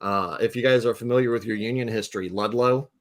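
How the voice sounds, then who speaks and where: A man's voice: medium pitch, quick pace. A man, a guest game designer, telling a rambling anecdote with lots of fillers on a casual live talk stream.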